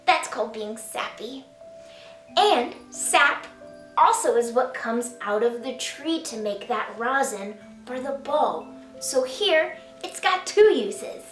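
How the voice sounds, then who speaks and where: A woman's voice: fairly high pitch, animated, measured pace, echoey room, distant mic, soft background music. A woman, the author, reading her picture book aloud to children in a playful sing-song way, asking them to join in. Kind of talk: storytime read-aloud for children.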